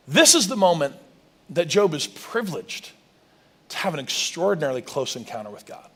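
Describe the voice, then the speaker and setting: High-voiced guy preaching, keeps restarting, reads verses, gets loud when he pushes a point. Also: moderate pace, pauses often. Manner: animated preaching, many restarts, reads scripture aloud. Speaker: pastor. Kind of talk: sermon.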